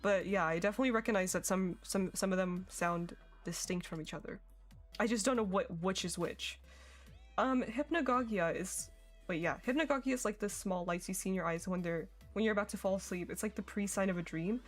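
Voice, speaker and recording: Faint music plays behind a young woman streaming a game, who chats casually, giggles and reacts to her chat. Her voice is medium-pitched and a little fast.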